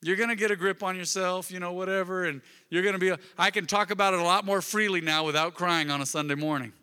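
A male pastor preaching a sermon in a church, swinging from loud emphatic bursts to soft, intimate murmurs. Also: high-pitched, fairly even intonation, fast talker, clear, resonant tone. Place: church sanctuary. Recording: long reverb of a large hall.

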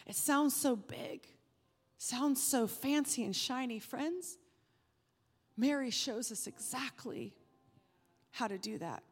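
A woman preacher delivering a sermon, emphatic, rising when animated and dropping soft to stress a point. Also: sits high, slow pace, slightly rough. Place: church sanctuary. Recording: reverberant hall with faint music.

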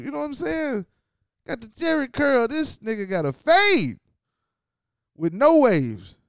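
A man's voice: high-pitched, clean tone, no room sound, studio quality. A man hosting his own show, giving a loose, slangy recap of a TV finale and talking straight to viewers. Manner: loose, slangy and animated, talks to viewers directly. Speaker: show host. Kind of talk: casual TV recap commentary.

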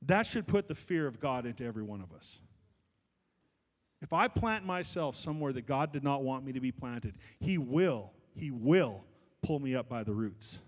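A man preaching a sermon as pastor, building to loud, fervent exhortation. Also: mid-range voice, lively intonation, normal speed, big-room sound.

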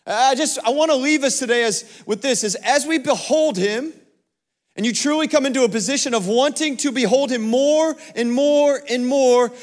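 A male pastor preaching a sermon and calling on the congregation for responses, with emphatic repeats. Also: sits high. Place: church sanctuary. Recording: long church hall reverb.

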